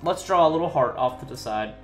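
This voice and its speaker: A man casually commenting on his own gameplay. He rambles, pokes fun at himself and breaks into sudden excited squeals. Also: on the high side, fast talker. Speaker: gaming channel host. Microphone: desk mic, no face cam. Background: faint game music.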